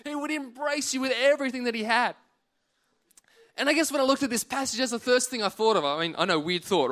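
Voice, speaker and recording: A man's voice: extremely high pitch, fast talker. A man preaching a church sermon, telling stories vividly and then urging listeners on in earnest. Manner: animated storytelling that builds to earnest exhortation. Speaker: pastor. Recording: church service recording.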